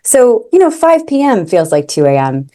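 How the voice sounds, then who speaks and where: A woman's voice: a little high, big pitch swings, normal speed, dark tone. A woman author improvising a story before an audience, chatty and digressive.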